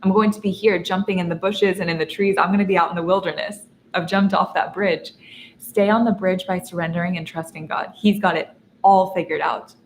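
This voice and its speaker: A young woman teaches a masterclass in an earnest, animated way. Her voice sits low for a woman and she tells her stories with laughs here and there. A faint noise runs beneath her. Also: brisk. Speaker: feminine energy coach. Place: in Dubai. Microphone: seated while teaching.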